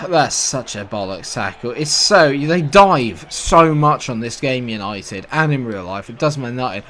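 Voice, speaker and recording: This is live gameplay commentary from a young British gaming YouTuber playing a football video game, full of frustrated, sweary, sarcastic outbursts. He has a British English accent and a bright, forceful mid-range voice. His intonation is lively, though his pace stays unhurried.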